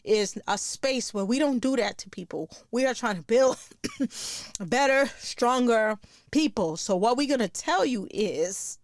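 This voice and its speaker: A woman's voice: on the high side, animated, measured pace, no room sound, studio quality. A middle-aged woman, a comedian hosting her own podcast, ranting bluntly with lots of swearing and laughing at her own jokes. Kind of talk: profane comedic rant.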